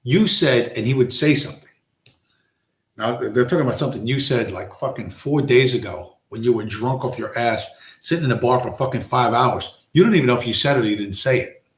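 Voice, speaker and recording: A man's voice: mid-range voice, echoey room. A man hosting a casual live stream, rambling through stories, swearing and acting out quoted lines. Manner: rambling storyteller, acts out quoted tough-guy lines, swears.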